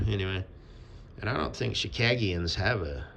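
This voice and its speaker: Deep-voiced guy rambling slow and offhand, voice swings up and down a lot. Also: expressive, creaky, fairly bright tone, slight background noise. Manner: rambling, offhand, swears casually. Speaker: vlogger. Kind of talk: casual rambling monologue.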